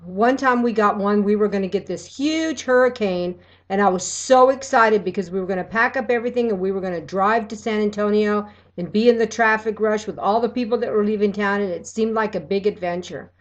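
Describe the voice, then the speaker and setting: Middle-aged woman vlogger, heartfelt animated storyteller, slightly dull lo-fi audio. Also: mid-range voice, a little fast, hardly any pauses. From Texas. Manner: emotional, animated retelling. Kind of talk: personal storytelling.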